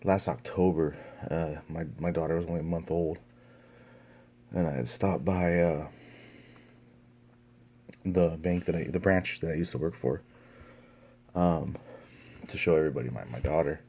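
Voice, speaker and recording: Low husky-voiced young man telling a story. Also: normal speed, pauses often, a little mellow. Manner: profane, rambling telling full of fillers and restarts. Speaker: vlogger. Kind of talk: casual storytelling vlog.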